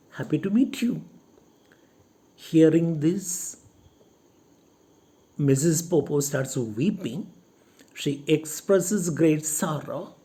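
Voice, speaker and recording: Brief: unhurried teacher, soft mellow tone, retells scenes in plain words. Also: medium pitch. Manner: slow, repetitive paraphrase of each line. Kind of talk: explaining a play to a class.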